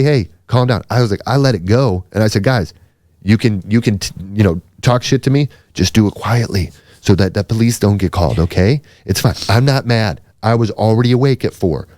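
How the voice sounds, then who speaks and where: A man tells a long story on his podcast in a loose, profane, rambling way. His voice sits low and mellow, recorded close and dry with no room sound. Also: brisk, no echo. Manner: swearing, rambling, acts out quoted voices. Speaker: podcast host. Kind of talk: casual storytelling chat.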